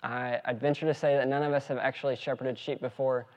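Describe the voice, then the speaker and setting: A man preaching a sermon in a mid-range voice, earnest and steady as he walks through the text. The recording is a little muffled, with a dull edge to the sound. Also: medium pitch, fast talker. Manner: earnest preaching with spoken prayer. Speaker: pastor.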